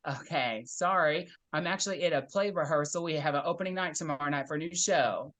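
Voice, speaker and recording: Bright low-voiced woman from Tennessee. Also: a little fast. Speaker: drag performer. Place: at a play rehearsal. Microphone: video call.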